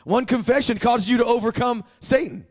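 High-voiced, emphatic male preacher. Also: normal speed, a little mellow. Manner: emphatic, with call-and-response prompts to the congregation. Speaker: pastor. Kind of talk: sermon.

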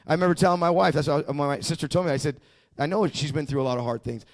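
A man's voice: a little high, fast talker. A male pastor delivering a sermon as personal testimony, talking conversationally with stammered restarts and building to fervent emphasis.

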